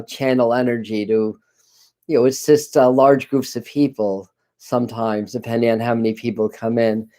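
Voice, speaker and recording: Smooth-voiced man chatting on a live stream. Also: medium pitch. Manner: halting, many restarts and apologies, soft laughs. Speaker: spiritual channeler hosting a live stream. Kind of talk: casual live-stream chat. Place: dim home room. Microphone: computer camera live stream.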